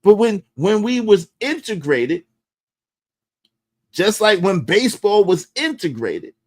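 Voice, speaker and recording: A man's voice: high-pitched, very animated, takes it slowly, darkish tone. A man hosting a livestream who talks in a preachy, emphatic way and repeats lines for effect. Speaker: livestream host. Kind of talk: opinionated streaming rant.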